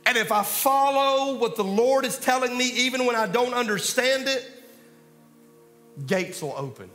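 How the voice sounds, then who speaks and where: A pastor preaches with animated swings between loud calls and quiet asides. His voice is high and bright. It rings through a reverberant hall, with faint music underneath. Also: normal speed. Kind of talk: sermon.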